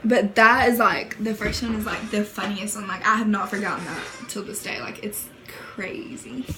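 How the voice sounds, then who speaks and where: A woman with a Southern US accent tells a story in a casual vlog, rambling with lots of fillers, giggling, and poking fun at herself. Her mid-range voice is steady at a moderate pace, but the audio is poor and has music underneath.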